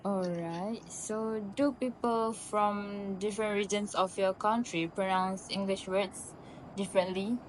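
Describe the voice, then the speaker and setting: A woman interviewer asks polite, structured questions in a mid-pitched voice. A faint hum sits behind her speech. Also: fairly even intonation, unhurried, low-quality recording.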